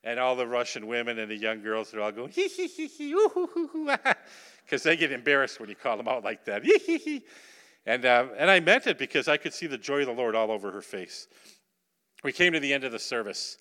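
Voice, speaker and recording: A man preaching a sermon, telling a story with animated emphasis and putting questions to the congregation. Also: medium pitch, quick pace. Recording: long hall reverb.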